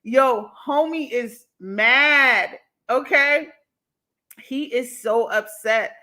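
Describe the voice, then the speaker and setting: A woman hosts a livestream and reacts to a clip in loose, slangy commentary, laughing often as she talks. Her voice sits a little high. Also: drawn-out words, bright, forceful tone. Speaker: livestream host.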